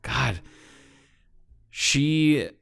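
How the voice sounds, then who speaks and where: A man's voice: medium pitch, expressive, drawn-out words, gravelly, a bit bright. A man from Ohio, co-hosting a podcast, tells a rambling, profanity-filled story with lots of restarts. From Ohio, United States. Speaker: podcast co-host. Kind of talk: casual storytelling chat.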